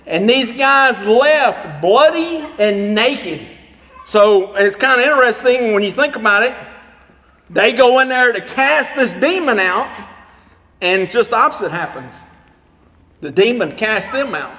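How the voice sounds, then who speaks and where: A man preaching a sermon as an animated storyteller who acts out the dialogue. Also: extremely high pitch, unhurried. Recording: long reverb of a hall.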